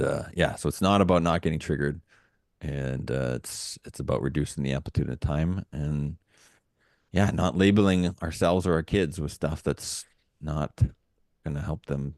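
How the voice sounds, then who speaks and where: Very deep-voiced earnest man. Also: a little mellow, dry recording, studio quality. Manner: earnest, rambling with frequent restarts and fillers. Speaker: podcast co-host. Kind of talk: casual podcast chat.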